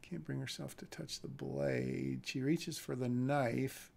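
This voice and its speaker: This man's mid-range voice is creaky and a little mellow, with fairly even intonation and a slow pace. On a live stream he reads a screenplay aloud and critiques it, thinking aloud and restarting hesitantly.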